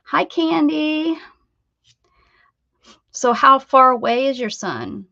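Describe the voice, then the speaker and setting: Here's an American woman in middle age, hosting a craft livestream and talking loosely with viewers, often laughing and starting over. Her high, expressive voice is bright and forceful, with vocal fry, and she takes it slowly. The lo-fi stream audio is dull and dry, with no room sound.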